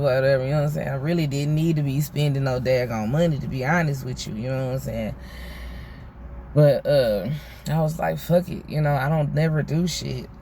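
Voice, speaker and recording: A man's voice: mid-range voice, darkish tone, a little hiss or hum. A man vlogging a casual storytime monologue, rambling and candid, full of slang, swearing and "you know what I'm saying". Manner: profane, candid.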